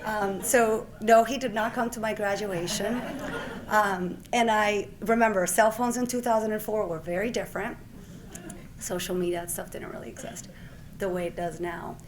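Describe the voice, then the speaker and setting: A woman's voice: mid-range voice, moderate pace, a little hiss or hum. Storytelling woman from Puerto Rico. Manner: lively storyteller who acts out the exchanges she retells. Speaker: award recipient giving a speech. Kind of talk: speech at an awards event.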